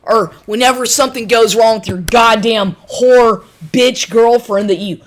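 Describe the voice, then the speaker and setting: A woman's voice: a little high, measured pace, a little hiss or hum. A woman in an angry personal rant, bitter and accusatory, swearing constantly. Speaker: vlogger.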